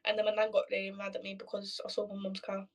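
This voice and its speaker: A woman's voice: mid-range voice, monotone, quick pace, far from the mic, rough recording. A young woman in casual chat on a video call, telling stories freely with swearing and acted-out quotes. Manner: chatty storyteller, swears freely, acts out quoted voices.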